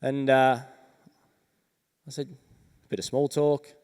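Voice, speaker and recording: An Australian man telling a personal story on stage as a motivational speaker, earnest and measured, with dramatic pauses. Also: mid-range voice, flat delivery, darkish tone, smooth. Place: large event hall stage. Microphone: stage microphone. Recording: reverberant event hall.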